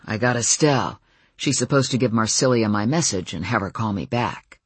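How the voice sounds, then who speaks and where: Brief: woman voicing a low, hushed werewolf man for an audiobook, husky and dry. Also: dry recording. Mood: calm. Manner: quiet, measured, low-key. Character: calm male werewolf leader, low and soft.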